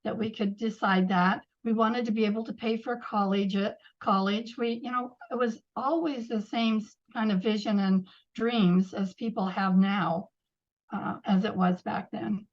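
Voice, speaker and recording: An older woman, a guest in a casual interview, reminiscing gently with a warm, unhurried manner. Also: mid-range voice, steady tone, highs cut off.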